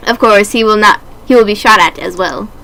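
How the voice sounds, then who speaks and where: Woman voicing a condescending villain doctor, quiet, bright tone. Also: mid-range voice, creaky, low-quality recording. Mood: smug. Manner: soft, measured, condescending. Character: smug, sinister male doctor bird, calm and cold.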